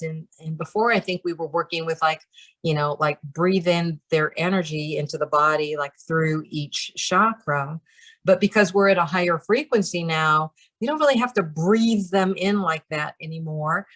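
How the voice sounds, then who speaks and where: A woman's voice: low-pitched, normal speed, fairly bright tone. A woman leading a channeling practice group who talks in a casual, chatty way, with many fillers and light laughs.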